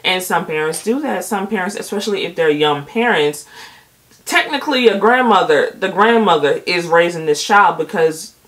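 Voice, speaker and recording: A woman's voice: lowish voice, expressive, moderate pace, a bit bright, poor audio. A young woman giving a casual, emphatic recap of a TV episode. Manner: chatty, emphatic, quotes people with feeling. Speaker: video host recapping a TV episode.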